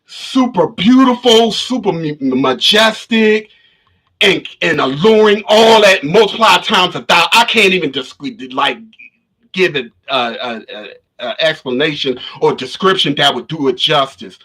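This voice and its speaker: A man's voice: a little high, animated, unhurried, bright, forceful tone, husky. A man vlogger telling a story casually to his livestream viewers, rambling and restarting often. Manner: rambling, with many restarts and repetitions. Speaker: spiritual vlogger. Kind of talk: casual storytelling to a live stream audience. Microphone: camera of a livestream setup.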